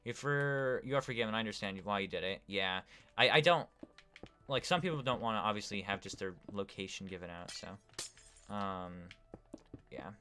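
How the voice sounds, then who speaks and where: A man's voice: lowish voice, normal speed, sharp tone, faint music behind. A man live-streaming a building game, chatting casually to viewers with lots of fillers. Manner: rambling, talks to chat with many fillers. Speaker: gaming streamer.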